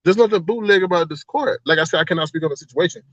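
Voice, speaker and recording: A man's voice: high voice, rapid-fire, a bit bright, no room sound. A man hosting a casual livestream, greeting viewers one by one and gossiping in a teasing, chatty way with frequent laughs. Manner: laughs often and breaks into exaggerated outbursts. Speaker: livestream host. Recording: dull, lo-fi dry sound.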